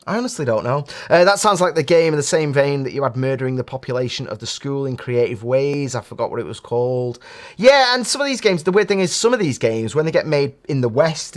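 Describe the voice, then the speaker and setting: A man hosting a live show, chatting casually and rambling with lots of self-interruptions. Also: medium pitch. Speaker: host.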